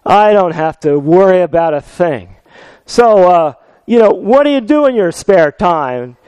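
A man doing a jumpy, high-voiced burglar. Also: animated, a little slow, darkish tone, clear, resonant tone, no room sound. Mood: relieved. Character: jumpy male burglar, quick to relax.

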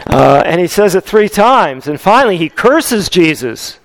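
A man preaching a sermon in a conversational, animated way, repeating key lines for emphasis. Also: fairly high pitch, moderate pace, no room sound, poor audio. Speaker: pastor.

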